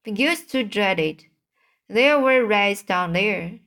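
A woman voicing a young orphan girl who answers plainly and calmly. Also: medium pitch, slow pace. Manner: matter-of-fact.

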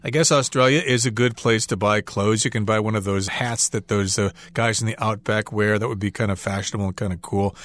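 An American man co-hosting an English lesson, explaining usage in a friendly way and pausing on word stress. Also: medium pitch, a bit bright, no echo. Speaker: English teacher and co-host.

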